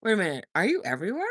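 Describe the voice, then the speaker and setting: Husky and fairly bright, her mid-range voice carries a casual livestream where she reads viewer comments, chats and teases. She often laughs and sings little snippets. The audio is studio quality, free of room sound.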